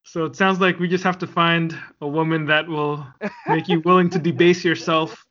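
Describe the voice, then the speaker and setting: A man co-hosts a casual podcast, rambling between jokes with a bright, somewhat tense tone. His voice sits a little high, and the recording sounds dull and lo-fi. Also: steady tone, moderate pace. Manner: rambling, jokey, laughs often. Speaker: podcast co-host. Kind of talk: casual chat.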